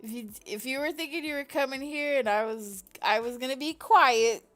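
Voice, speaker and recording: A woman's voice: sits high, normal speed, fairly bright tone. A woman in her thirties chatting on a livestream, rambling and profane with frequent laughter. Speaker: livestream host. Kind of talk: casual livestream chat.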